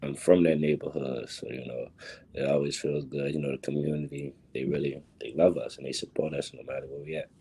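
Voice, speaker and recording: Very deep-voiced teen boy, husky. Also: fairly even intonation, fairly quick, warm tone. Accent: New Orleans. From New Orleans. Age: teens. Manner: laid-back, short answers. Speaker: basketball recruit. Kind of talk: casual interview answers.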